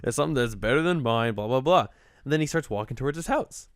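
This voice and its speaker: A young man telling a story on a casual podcast, swearing and acting out shouted quotes. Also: medium pitch, animated, fast, no echo, studio quality. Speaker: podcast guest.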